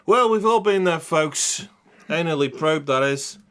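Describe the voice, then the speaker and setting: A man's voice: fairly high pitch, expressive, a little slow, a bit bright, clean tone. A man hosting a crude comedy podcast, teasing his co-hosts in a mock-dramatic, sweary way. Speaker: podcast host.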